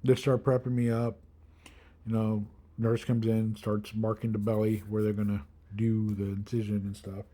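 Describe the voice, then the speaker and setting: Mellow-voiced man telling his story. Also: fairly low pitch, normal speed. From Milwaukee area. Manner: rambling, many fillers, quotes others in lively voices. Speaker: kidney transplant patient. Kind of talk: casual personal storytelling.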